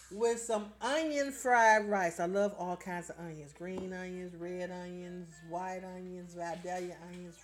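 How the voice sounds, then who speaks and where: A middle-aged woman, chatting casually on a livestream, reading viewer comments aloud and often laughing as she talks straight to her viewers. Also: lowish voice. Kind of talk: casual live chat.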